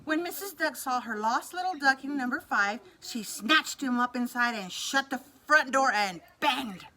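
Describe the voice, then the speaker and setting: A woman reading a picture book aloud with a lively, expressive delivery. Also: normal speed. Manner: lively, expressive reading that shifts pitch for the characters. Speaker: storybook reader.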